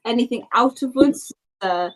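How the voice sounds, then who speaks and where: A woman runs a tabletop game and describes the world in loose, restarting sentences. Her voice is a bit high for a woman. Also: normal speed. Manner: stumbling, self-correcting narration. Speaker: game master.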